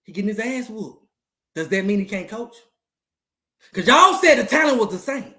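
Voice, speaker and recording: Loud gloating man in an echoey room. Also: high voice, very animated, moderate pace. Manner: loud gloating, repeating lines, laughing and whooping. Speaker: live stream host. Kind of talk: trash-talking sports live stream.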